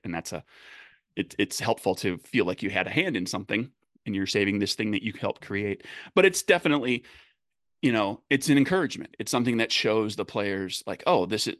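A man's voice: lowish voice, a bit bright, dry recording, clean studio sound. A man, a game designer, talking through design ideas in a casual panel chat, full of restarts and fillers. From United States. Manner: halting, many restarts and fillers. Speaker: game designer, podcast host.

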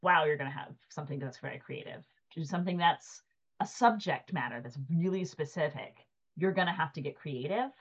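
A woman in a casual panel chat giving emphatic, animated advice on creativity, peppered with "like". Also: sits low, a little fast, slightly rough, muffled recording. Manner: emphatic, animated, says 'like' often.

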